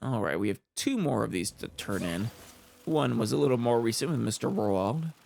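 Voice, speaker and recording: A man's voice: medium pitch, lively intonation, normal speed, creaky, darkish tone, a little hiss or hum. A man hosting a let's play, chatting casually and often correcting himself. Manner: chatty, self-correcting, laughs easily. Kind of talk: casual game commentary.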